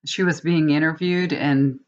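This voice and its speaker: A woman's voice: sits low, fairly even intonation, unhurried, lo-fi sound. A woman tarot reader chatting casually to her viewers, indignant and talkative, calling them y'all.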